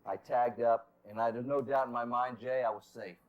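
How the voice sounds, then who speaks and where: A man's voice: mid-range voice, fairly even intonation, fairly quick, muffled recording. A man, a former ballplayer, telling a teasing story in an interview. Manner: joking, teasing. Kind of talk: anecdotal interview.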